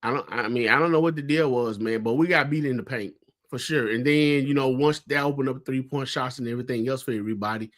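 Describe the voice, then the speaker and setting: A man's voice: mid-range voice, quick pace, fairly bright tone. A man, co-hosting a casual sports talk show, telling what he saw at a game in a conversational way. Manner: storytelling, conversational, many fillers. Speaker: co-host.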